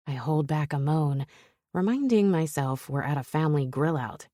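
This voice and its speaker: A woman narrating a romance audiobook in the first person, with a soft, intimate and breathy delivery. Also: sits low, moderate pace, dry recording, studio quality.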